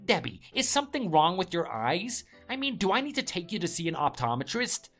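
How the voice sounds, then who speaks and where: A woman's voice: lowish voice, sing-song, fairly quick, fairly bright tone, faint music behind, exaggerated voice. A woman voicing an arrogant, contemptuous young husband who sneers and scolds his wife. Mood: sneering. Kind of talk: story drama voice acting.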